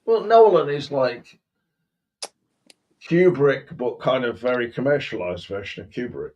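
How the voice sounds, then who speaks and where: A man co-hosting a podcast, chatting in a rambling, animated way. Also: mid-range voice, unhurried, dull audio, slight background noise. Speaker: podcast co-host. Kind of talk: casual chat.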